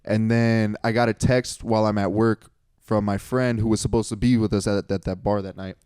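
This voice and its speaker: A man's voice: fairly low pitch, a little fast, clear, resonant tone, no echo, studio quality. A young man in his twenties co-hosting a comedy podcast, telling a rambling story that he keeps correcting. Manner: rambling, self-correcting, animated when quoting friends. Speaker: podcast co-host.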